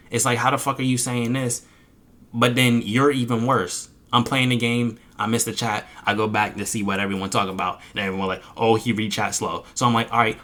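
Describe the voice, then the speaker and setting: A man's voice: fairly low pitch, fairly bright tone. A young man, a streamer, venting angrily and profanely about his chat, mocking them in quoted voices. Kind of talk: frustrated vent to camera.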